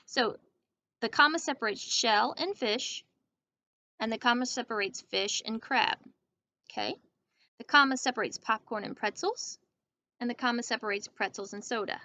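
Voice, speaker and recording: A woman teacher giving a grammar lesson to young children, speaking slowly and clearly and checking in with "okay?". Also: a little high, bright, forceful tone. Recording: dull lo-fi recording.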